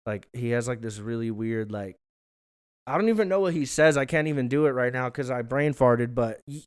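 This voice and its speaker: Young man, casual home vlog chat, swears a lot, self-mocking, smooth clear voice, mid pitch. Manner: loose, profane, self-mocking rambling. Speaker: podcast host. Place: hot living room at home.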